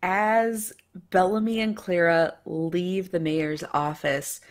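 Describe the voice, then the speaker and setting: Woman running a tabletop game, low voice, slow easy narration. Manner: relaxed, casual narration with fillers. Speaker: game master.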